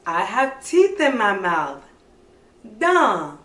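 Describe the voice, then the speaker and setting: A woman teaching toddlers as a preschool teacher, slow, sing-song and animated, with coaxing questions. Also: mid-range voice, roomy sound, recorded from a distance.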